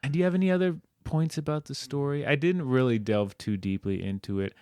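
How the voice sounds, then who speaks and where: A man with an English accent, co-hosting a casual podcast about video games, self-deprecating and quick to laugh. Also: mid-range voice, darkish tone, clean tone, no room sound, studio quality. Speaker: podcast co-host. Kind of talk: casual game discussion. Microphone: close podcast mic.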